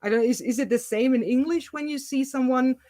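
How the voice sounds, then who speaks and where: A woman's voice: high voice, brisk, dark tone, no room sound. A woman with a Swabian German accent, a non-native English speaker, explaining things at length as the host of a casual video-call chat. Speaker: channel host.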